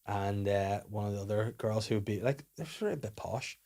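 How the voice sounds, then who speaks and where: A man's voice: lowish voice, a little fast, dark tone. A man hosting a comedy podcast, telling rambling anecdotes in casual chat. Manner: rambling anecdotes full of restarts and quoted asides. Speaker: podcast host.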